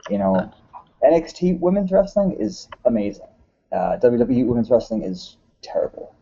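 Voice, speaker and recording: A man hosting a casual podcast, rambling with lots of "uh"s and quick laughs. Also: medium pitch, big pitch swings, vocal fry, mellow, slightly rough, lo-fi sound. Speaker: podcast host. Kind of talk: casual chat.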